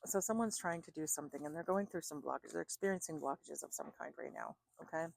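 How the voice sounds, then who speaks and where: A woman's voice: sits low, fast talker, gravelly, no echo. A woman giving a chatty oracle card reading, thinking aloud with fillers and restarts. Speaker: tarot card reader.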